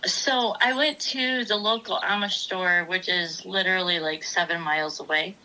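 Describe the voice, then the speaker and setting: Chatty woman co-host, bright and forward voice, faint noise behind. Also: fairly low pitch, fairly even intonation, normal speed, rough recording. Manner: chatty, explains step by step. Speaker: podcast co-host. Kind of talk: casual chat.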